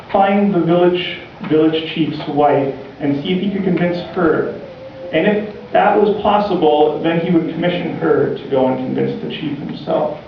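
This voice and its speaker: Male preacher telling a story slow and deliberate, far from the mic, lots of church echo, muffled. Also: a little high, vocal fry, a little hiss or hum. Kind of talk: sermon storytelling. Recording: distant, echoey, dull church recording.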